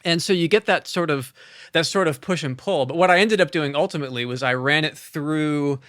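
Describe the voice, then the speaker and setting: A man's voice: a little high, brisk, a bit bright, dry recording, clean studio sound. A man who composes music, co-hosting a podcast in a casual, enthusiastic chat, full of fillers and restarts. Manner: enthusiastic, loose, with frequent fillers. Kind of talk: casual conversation about synths.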